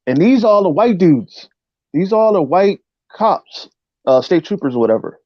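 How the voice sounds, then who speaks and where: Animated man telling his story. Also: high-pitched, moderate pace, dry recording, highs cut off. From United States. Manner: animated, often says "you know what I'm saying"; acts out voices in quotes. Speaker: interview guest telling a personal story. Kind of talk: casual spoken storytelling.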